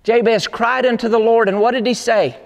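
Male preacher with a very high voice, emphatic and fervent, in an echoing sanctuary. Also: steady tone, fairly quick, gravelly. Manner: emphatic, rising to fervent pleading. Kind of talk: sermon. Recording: long hall reverb.

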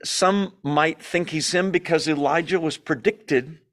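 A man's voice: on the high side, a little slow, a bit bright. A man leading a Bible study, teaching in a conversational way with jokey asides and rhetorical questions.

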